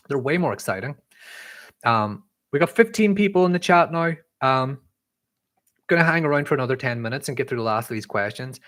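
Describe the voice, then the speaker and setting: A young Irish man with an accent that has drifted from living abroad, talking loosely on a live stream. He rambles and fills his sentences with "um" and "like," and his pitch sits at an ordinary middle height for a man. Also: a bit bright. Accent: mixed Irish, shifted by living abroad. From Northern Ireland. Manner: chatty and rambling, many "um" and "like" fillers, reads chat messages aloud. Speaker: livestream host answering viewer questions.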